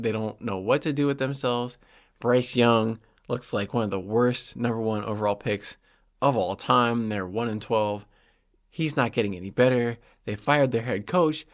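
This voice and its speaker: A man's voice: medium pitch, no room sound, clean studio sound. A man hosting a solo sports podcast, talking in an opinionated, heated and sarcastic way with lots of "like" fillers. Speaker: podcast host.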